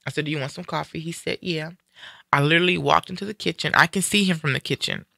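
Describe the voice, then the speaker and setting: A man in a casual live-stream conversation, retelling a personal story in an animated way and acting out what people said. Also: a little high, racing, gravelly, dry recording, clean studio sound. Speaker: guest sharing a personal story.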